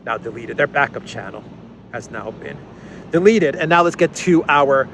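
A man hosting a casual news commentary, sarcastic and chuckling, halting often with fillers. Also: mid-range voice, expressive, noisy background. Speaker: commentary channel host.

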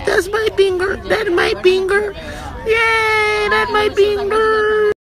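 A woman's voice: very high voice, flat delivery, slow. A woman talking baby talk to an infant in a squealing, cooing sing-song. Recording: crowd and background noise.

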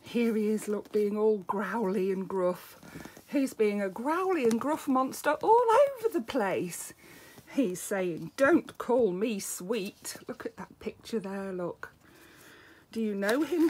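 A woman reading a picture book aloud to a child, speaking gently and coaxingly, with soft whispered asides. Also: mid-range voice, very animated, slow pace, long pauses, background noise.

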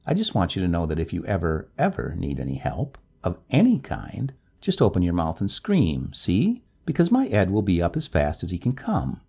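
A man voicing an anxious, gossipy middle-aged woman neighbor in a high falsetto, for a storybook reading. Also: gravelly, a little mellow, husky, full character voice. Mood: pleading.

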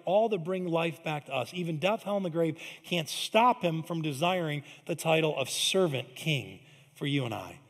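A man's voice: on the high side, in a large hall. A man preaching a sermon as pastor, in a conversational, emphatic style with frequent asides to the congregation. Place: large church hall.

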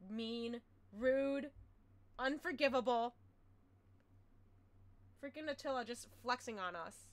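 A woman streamer chatting casually to her viewers through a headset mic, excitable and quick to loudly exclaim and complain. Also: on the high side. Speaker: game streamer. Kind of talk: casual live-stream chat.

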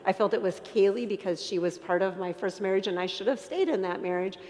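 A woman giving an earnest, emotional faith testimony to an audience, with self-deprecating humor and halting restarts. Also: medium pitch, a little mellow. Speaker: inspirational speaker. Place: church. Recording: long church reverb.

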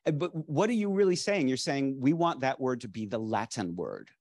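A man's voice: mid-range voice, very animated, moderate pace, darkish tone. A middle-aged man lecturing to a live audience with eager, rambling energy, often circling back to restart his sentences. His voice sits in an ordinary middle register. The sound is close and dry, with little room echo. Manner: enthusiastic, digressive, with frequent restarts and fillers. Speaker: lecturer, dictionary editor. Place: library lecture space.

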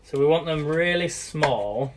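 A man's voice: fairly high pitch, lively intonation, a little slow, noisy background. Chatty British man cooking live. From Britain. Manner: chatty and rambling, often addresses viewers as guys. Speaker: cooking livestream host. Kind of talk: casual live cooking demo.

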